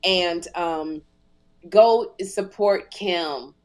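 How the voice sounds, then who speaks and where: A middle-aged woman hosts a podcast, chatting casually and comedically while acting out dialogue in a funny story. Her voice is fairly low in pitch and extremely slow.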